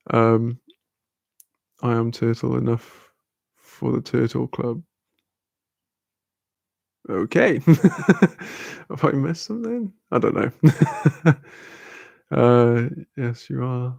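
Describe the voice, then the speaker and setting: Gravelly British man chatting casually. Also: mid-range voice, takes it slowly, pauses often, a little mellow, no echo. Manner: rambling, swears freely, laughs often. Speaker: streamer chatting with viewers. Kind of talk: casual live-stream chat.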